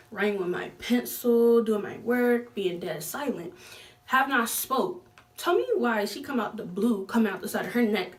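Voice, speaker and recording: A woman's voice: medium pitch, far from the mic. Young woman, vlogger, slangy storytime chat, set back from the mic. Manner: slangy, animated, lots of fillers.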